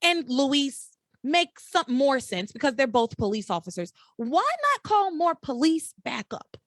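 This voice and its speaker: A woman's voice: high voice, big pitch swings, measured pace, fairly bright tone, no room sound. A woman hosting a casual podcast, recapping a soap opera with incredulous, exaggerated outrage. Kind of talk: casual chat.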